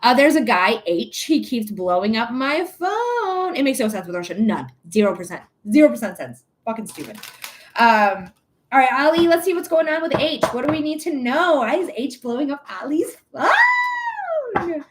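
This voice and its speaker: Young woman, high voice, live-stream psychic host, loose and profane, quick to laugh. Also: very animated, a little hiss or hum. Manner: chatty, swears freely, laughs often. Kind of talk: casual live-stream chat.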